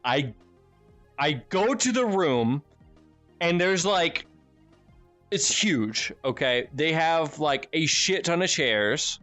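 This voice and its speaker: Lively American man telling a story. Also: a little high, slow, long pauses, dry recording, faint music behind. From United States. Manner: animated, profane, laughs often while telling stories. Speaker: streamer and channel host. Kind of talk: casual storytelling to stream viewers.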